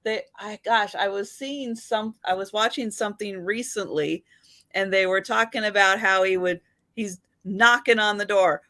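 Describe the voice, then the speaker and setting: A woman's voice: medium pitch, normal speed, sharp tone, dry recording. A woman guesting on a live chat, talking earnestly and laughing easily, often repeating herself. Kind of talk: casual chat.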